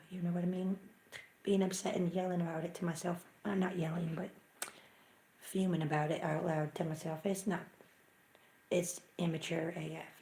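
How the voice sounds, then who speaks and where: A woman hosting a laid-back livestream, talking in a chatty, self-mocking way and often muttering to herself. Her voice has a gravelly, fry-tinged edge. The sound carries a noticeable room echo. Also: fairly low pitch, warm tone. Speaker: livestream host. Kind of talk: casual live chat. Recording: echoey room.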